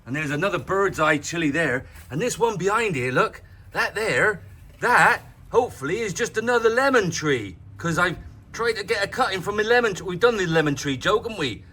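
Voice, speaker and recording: A man's voice: high-pitched, animated, fairly quick, sharp tone, slightly rough. A man hosting a casual, jokey weather vlog outdoors in his garden, chatting straight to the viewer. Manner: playful, jokey, talks to the viewer. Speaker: weather update host.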